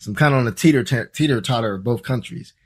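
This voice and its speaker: A man from Ohio telling a story as a podcast guest, casual and animated, swearing freely and acting out his own reactions. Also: medium pitch, fast. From Ohio, USA.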